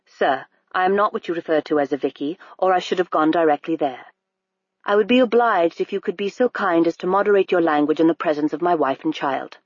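A narrator doing a crisp, formal gentleman. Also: medium pitch, no echo, natural voice. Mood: firm. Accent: crisp, near-British. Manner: very formal, measured, courteous. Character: composed, formal African businessman, polite. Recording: dry, dull lo-fi recording.

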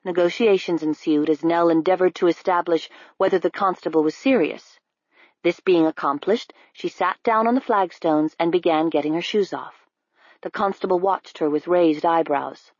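A woman narrating a novel in a steady, measured storytelling manner. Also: lowish voice, no room sound. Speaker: audiobook narrator. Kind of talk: scripted narration. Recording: dry, slightly dull recording.

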